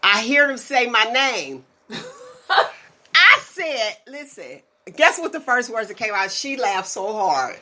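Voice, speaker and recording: Woman, talk show host, bright forceful voice, animated storyteller, casual chat. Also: fairly high pitch, slow. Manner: animated storyteller, laughs often. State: tired.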